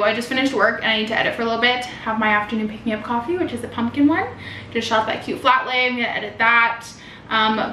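A bubbly, gushing woman chats to her camera at home in a fairly high voice. The room has a noticeable echo, and faint household ambience sits under her voice. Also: bright, forceful tone, a little hiss or hum. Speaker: lifestyle vlogger. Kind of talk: casual vlog narration to camera. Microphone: vlog camera mic.

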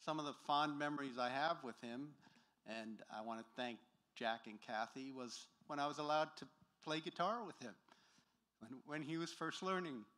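A man gives a memorial tribute in a church as a family friend. He speaks in a halting way, often stopping to search for the next word, with a plain, middle-pitched voice. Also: bright, forceful tone.

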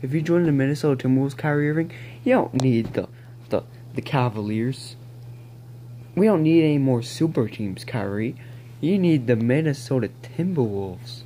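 A man ranting excitedly to camera at home, pleading and rambling as he begs and repeats himself. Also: medium pitch, normal speed, slight background noise. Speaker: vlogger. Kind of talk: excited fan rant to camera. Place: at home, near a balcony.

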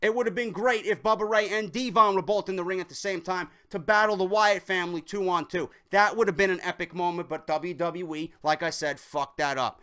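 High-voiced man ranting furiously. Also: steady tone, brisk, few pauses, bright, forceful tone, clean tone. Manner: furious, swearing, repetitive rant. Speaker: wrestling reviewer. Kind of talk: angry ranting review.

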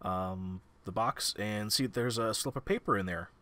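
A man's voice: fairly low pitch, moderate pace, very noisy. A young man narrating as game master in a casual tabletop session, with plenty of fillers and restarts.

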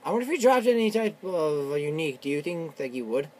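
Excitable young gamer yelling at the game. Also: male voice, fairly high pitch, quick pace. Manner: excitable, yells and swears at the game. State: voice worn from shouting. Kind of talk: casual gameplay commentary. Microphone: tablet on a desk.

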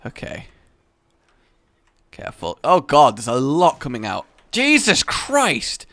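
A man hosting a gaming video with friends, excitable, laughing often and swearing in surprise. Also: on the high side, slow, no room sound. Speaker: host of a gaming channel. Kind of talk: energetic gaming commentary with friends.

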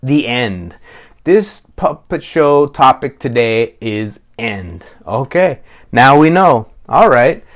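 A man's voice: medium pitch, lively intonation, slow. A man hosting a children's puppet show, explaining each step to young viewers in a friendly way. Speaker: puppeteer host.

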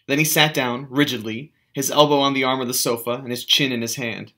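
A man, a teacher, reading a novel aloud in measured literary narration. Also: medium pitch, steady tone, bright, forceful tone.

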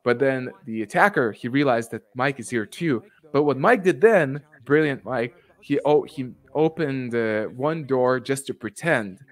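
A man hosting a casual livestream chat, telling stories excitedly and laughing often. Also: mid-range voice, unhurried, few pauses. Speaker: show creator and host.

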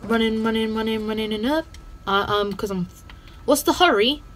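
A playful woman chatting through a game session, her higher-pitched voice bouncing from sing-song silliness to quick asides. She keeps the tone casual and jokey. Her swearing is swapped out for a steady stream of "bloody". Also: a little hiss or hum. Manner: playful, goofy, sing-song bits and silly sound effects; self-censors swearing, says "bloody" a lot. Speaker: gaming channel host. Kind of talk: casual gameplay commentary.

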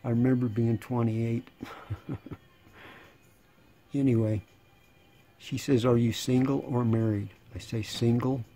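Dark husky man in his sixties, sarcastic. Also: mid-range voice, fairly even intonation, slow pace, pauses often. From United States. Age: 60s. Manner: sarcastic, rambling, laughing between lines. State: slightly hoarse. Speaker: channel host. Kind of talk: casual monologue.

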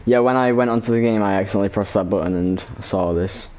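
A man's voice: fairly low pitch, fast talker, darkish tone. A man commenting on his gameplay in a casual, rambling, joking way at a desk microphone. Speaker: gamer. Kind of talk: casual let's play commentary.

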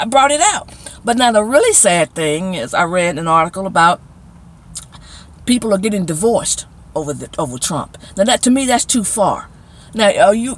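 A woman's voice: on the high side, low-quality recording. A middle-aged woman hosting her own commentary channel. She talks casually and emphatically, scolding and speaking straight to her viewers.

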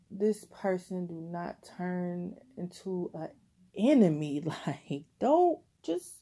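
Slow-talking, laughing, profane tarot reader woman. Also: fairly low pitch, dark tone. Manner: profane, laughing often, speaking straight to the listener. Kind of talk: casual tarot reading to viewers.

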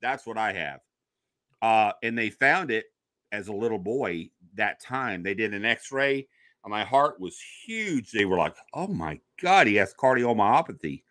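A man's voice: lowish voice, a little slow, dry recording. A man, a guest in a conversation, telling a personal story and acting out the voices he quotes. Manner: animated storyteller who acts out quoted voices. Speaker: podcast guest, paranormal investigator.

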